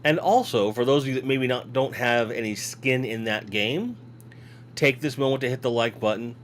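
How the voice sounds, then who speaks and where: A man's voice: medium pitch, moderate pace, slight background noise. A man hosting a live toy-collecting show, chatting casually and rambling while reading viewer comments aloud. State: yawning. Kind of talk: casual live-stream chat. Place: home room with toy shelves behind.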